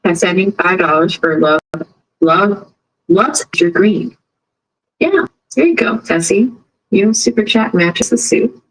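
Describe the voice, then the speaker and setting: Woman streamer, chatty and animated, mid-range voice, casual live chat. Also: medium pitch, measured pace, pauses often, poor audio. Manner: chatty, animated storyteller who acts out quotes. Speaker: live stream host covering a trial.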